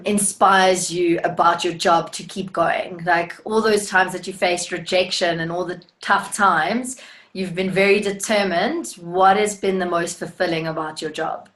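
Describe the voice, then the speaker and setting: A woman's voice: on the low side, fairly even intonation, measured pace. A woman hosting an interview, asking long chatty questions full of fillers. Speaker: interviewer, host. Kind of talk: casual interview.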